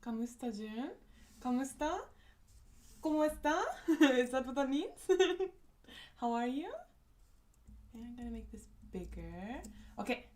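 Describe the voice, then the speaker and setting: A woman's voice: sits high, expressive, unhurried, pauses often, darkish tone. A woman hosting a casual livestream, reading out and answering her chat in a bubbly way, laughing often and sounding a little sleepy. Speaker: livestream host. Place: room at home.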